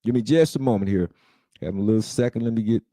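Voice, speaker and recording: A man's voice: lowish voice, quick pace, dark tone, no echo, clean studio sound. A man hosting a talk show, giving a monologue in a preachy style, with rhetorical questions and emphatic repeats. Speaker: show host. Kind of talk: casual commentary monologue.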